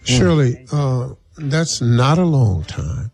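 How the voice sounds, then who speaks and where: A man from Cleveland hosting a morning radio show, chatting casually and teasing his co-hosts in a drawn-out way. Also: medium pitch, lively intonation, a little mellow, husky, faint music behind. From Cleveland, Ohio.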